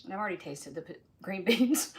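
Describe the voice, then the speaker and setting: Animated and fairly quick, a woman with a mid-range voice cooks in her home kitchen on a live stream. She keeps up a chatty, folksy patter while tasting the dishes.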